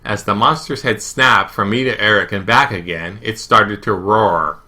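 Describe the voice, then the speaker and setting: A man reading a children's novel aloud in first person, with a lively, emphatic delivery. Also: lowish voice, normal speed. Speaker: audiobook reader. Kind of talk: first-person storybook narration.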